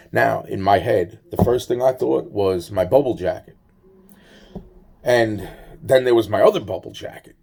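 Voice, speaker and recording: Male storyteller, casual and profane, rambling with restarts, mid pitch, mellow tone. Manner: acts out both sides of conversations.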